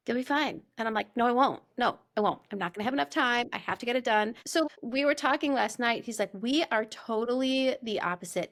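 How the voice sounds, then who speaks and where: A middle-aged woman, a teacher and podcast co-host, chatting casually and telling animated stories about getting her classroom ready. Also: medium pitch, vocal fry. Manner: animated, tells anecdotes quickly. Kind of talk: casual chat.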